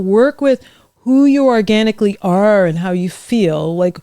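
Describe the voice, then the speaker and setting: A middle-aged woman, a vocal coach, leading warm-up exercises in a lively, encouraging, demonstrative way on a podcast. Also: medium pitch, unhurried, smooth, no room sound, clean studio sound. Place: podcast studio.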